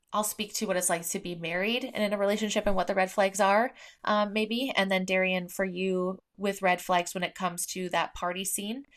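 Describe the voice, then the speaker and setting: A woman in her thirties hosts a podcast, talking in candid, loose chat full of fillers and the odd swear word. Her voice sits at a middle pitch for a woman. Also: a bit bright. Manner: candid and chatty, swears freely, many fillers. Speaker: podcast host. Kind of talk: casual chat.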